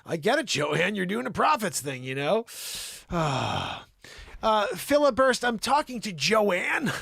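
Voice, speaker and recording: A man hosting an improvised comedy news show, talking in a mocking, animated way to an imaginary co-host. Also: high-pitched, a little slow, vocal fry, slightly rough, no echo, studio quality.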